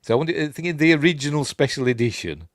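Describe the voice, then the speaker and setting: A man's voice: fairly high pitch, very animated, quick pace, no echo, clean studio sound. A man with a Yorkshire accent giving a casual, rambling film commentary, full of chuckling asides and playful character impressions. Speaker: film reviewer.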